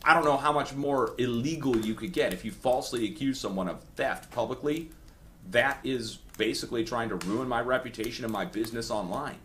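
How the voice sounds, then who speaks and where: A man's voice: medium pitch, fairly bright tone, slight background noise. A man hosting an online video, ranting indignantly to his viewers and repeating himself as he pushes back at critics. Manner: indignant, repetitive, addresses viewers as guys. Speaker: earthquake forecast video host. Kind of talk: heated personal rant to viewers.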